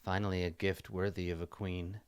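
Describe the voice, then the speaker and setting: A man voicing a vain, imperious queen who speaks coldly and with measured slowness. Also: sits low, flat delivery, clear, resonant tone, no echo, pitched below the performer's own voice, lightly acted. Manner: imperious, cold, slow and measured. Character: haughty veiled queen, woman, imperious and vain.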